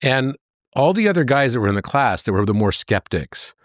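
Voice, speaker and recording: A man as a podcast guest, telling anecdotes in an animated way and jumping into high voices for the characters. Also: a little fast, dry recording, studio quality. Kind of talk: conversational storytelling.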